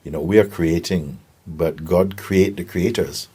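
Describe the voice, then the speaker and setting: A man giving a gentle spiritual talk and telling stories, often checking in with his listeners. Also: low-pitched, husky. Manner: gentle, unhurried, keeps asking "you see?". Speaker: spiritual teacher.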